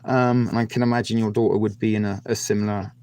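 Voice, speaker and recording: A man's voice: on the low side, level tone, fast talker, mellow, dry recording. A man hosting a casual video-call chat, rambling with cheeky innuendo and lots of filler words. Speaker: host.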